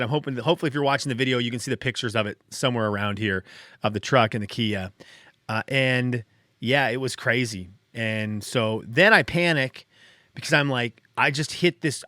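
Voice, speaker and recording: Middle-aged male podcast host, mid-pitch, dry close sound; shaken, rambling storyteller full of restarts. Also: pushed and bright, no room sound. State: shaken, a little dazed. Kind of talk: casual personal storytelling.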